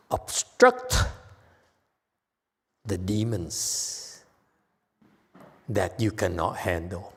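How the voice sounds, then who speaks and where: A man teaching at an unhurried pace, giving a Buddhist Dharma lecture to a live audience. He asks questions of his listeners and grows animated as he explains, and his voice rings with a long hall reverb. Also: on the low side. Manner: slow, animated, quizzes the audience.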